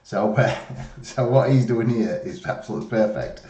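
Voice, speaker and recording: A man's voice: on the low side, normal speed, warm tone, recorded from a distance, slight background noise. A man hosting his reaction channel, chatting in a rambling, laid-back way. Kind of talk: casual chat. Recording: roomy, off-mic.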